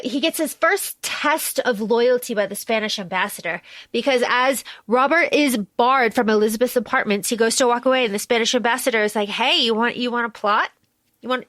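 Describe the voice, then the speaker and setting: A woman's voice: on the high side, no echo. A woman co-hosting a podcast, chatting casually and animatedly as she recaps a film, swearing and acting out the characters' lines. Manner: animated, swearing, acts out lines in raised voices. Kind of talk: casual chat.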